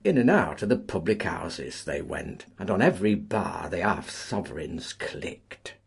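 A man narrating a story, measured and expressive. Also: sits low, gravelly, husky. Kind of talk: audiobook narration.

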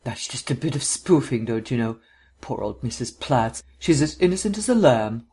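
A man voicing a languid, witty gentleman detective who speaks in an unemotional drawl. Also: mid-range voice, sing-song, normal speed, breathy edge, heavily acted. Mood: airy, mocking. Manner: unemotional drawl, airy and mocking.

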